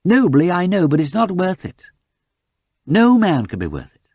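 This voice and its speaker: A man voicing an earnest police detective who speaks in a gently reproving, imploring way. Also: high-pitched, wildly swooping pitch, normal speed, husky, no room sound, clean studio sound, voice pushed up, exaggerated voice.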